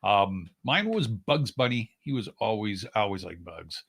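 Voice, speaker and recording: A man co-hosting a radio show in casual chat, animated and quick to laugh. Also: on the low side, vocal fry, slightly rough.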